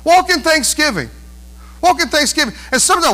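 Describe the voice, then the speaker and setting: A male pastor preaching a sermon in an animated way, mimicking whiny voices and calling out for amens. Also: very high voice, brisk.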